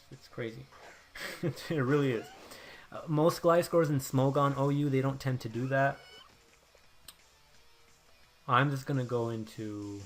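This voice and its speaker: A young man giving live commentary over his own game, swinging between quiet muttering and loud outbursts. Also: medium pitch. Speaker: gameplay commentator.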